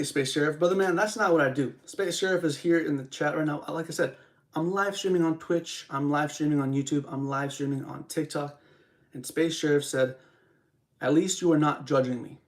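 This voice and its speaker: Rambling young man, slightly high voice. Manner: rambling, repeats phrases, chats to viewers. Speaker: podcast host and live streamer. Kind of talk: casual motivational monologue while live streaming. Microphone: studio microphone.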